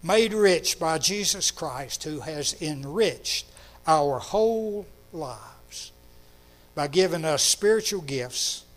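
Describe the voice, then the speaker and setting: Male pastor, unhurried sermon delivery with a slightly raised pitch. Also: fairly bright tone.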